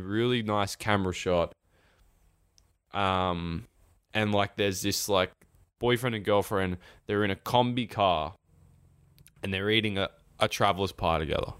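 A man's voice: fairly low pitch, a bit bright, smooth, dry recording, studio quality. A young man, co-hosting a podcast in casual, rambling chat, swearing freely. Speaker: podcast co-host.

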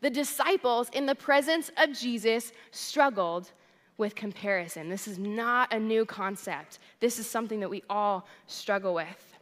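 A woman's voice: on the high side, measured pace, a bit bright, big-room sound. A young adult woman, a worship director, giving a sermon in a chatty storytelling way. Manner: chatty storytelling, addresses crowd as "you guys". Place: church hall.

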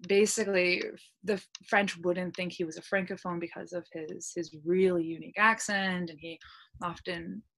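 Bright-voiced woman, lively storyteller. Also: lowish voice. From United States. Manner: lively storytelling, quick laughs, acts out dialogue. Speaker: podcast guest, language content creator. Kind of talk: casual interview chat.

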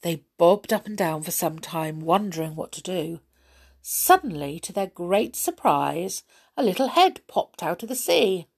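Woman storyteller for a children's audiobook: slow, husky, expressive. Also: fairly low pitch. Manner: expressive, deliberate.

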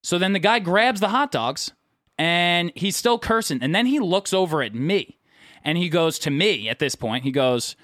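Animated young man telling a story. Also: moderate pace, no room sound. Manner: animated, acts out quotes with big pitch jumps. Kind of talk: casual profane storytelling.

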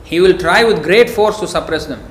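Telling stories, scolding, and stressing his points, a man preaches a devotional sermon in a high, slightly bright voice at a little fast pace. Faint background noise and an echoey room color the recording.

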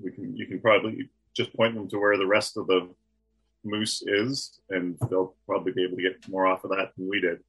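A man at a tabletop game makes dry, wry remarks in a very deep voice. His tone is husky but has a bright edge. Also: level tone, fairly quick, rough recording. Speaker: player. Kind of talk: casual tabletop play.

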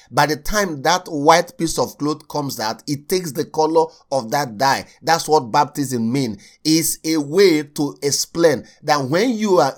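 A man preaching a sermon, repeating key lines slowly for stress and speaking straight to his listeners. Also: a little high. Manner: addresses listeners directly as sir and uncle.

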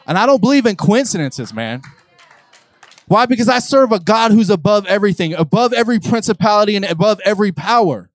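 Animated higher-voiced male preacher. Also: a little fast, no room sound. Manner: animated, swings between hushed intensity and loud exclamation. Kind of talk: sermon with personal storytelling.

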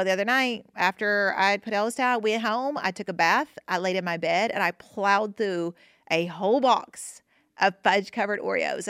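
A woman hosting a podcast, talking casually and gently about grief, reassuring listeners with lots of fillers and restarts. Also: mid-range voice, creaky, dry recording, studio quality. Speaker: podcast host.

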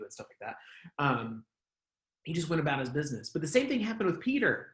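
Male pastor, chatty, filler-heavy, slightly higher voice, echoey room. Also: big pitch swings, fast talker, a bit bright. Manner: conversational, many fillers like "like" and "um". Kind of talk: casual online sermon.

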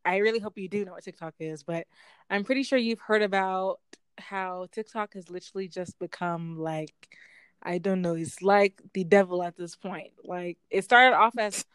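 Chatty young woman with a smooth voice. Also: medium pitch, moderate pace, no room sound. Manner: rambling, filler-heavy, animated storytelling. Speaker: podcast co-host. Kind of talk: casual chat.

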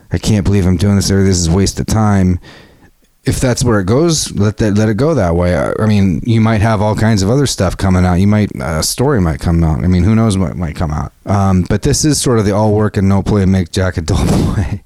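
A man with a lowish voice, talking in a loose, rambling way and swearing freely as he gives creative advice. The sound is dry and close, with no room echo. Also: a little mellow. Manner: rambling, profane and earnest. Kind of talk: casual talk to camera.

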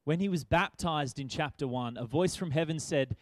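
A man's voice: a little high, moderate pace, no room sound. A man preaching a sermon in a conversational way, asking rhetorical questions.

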